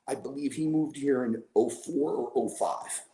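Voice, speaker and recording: In an echoey, roomy space, a podcast guest rambles through a long story, using fillers and performing other people's lines. His mid-range voice has a warm tone and moves at normal speed.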